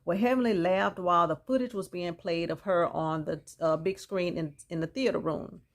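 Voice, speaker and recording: In a lowish voice at normal speed, a woman chats through a reality show episode for her viewers. Her recap is casual and gossipy, full of opinions and reactions.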